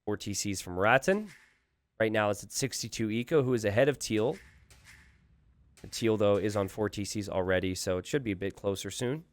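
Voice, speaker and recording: A man casting a live strategy game, thinking aloud with animated asides to his viewers. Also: on the low side, moderate pace. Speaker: game caster.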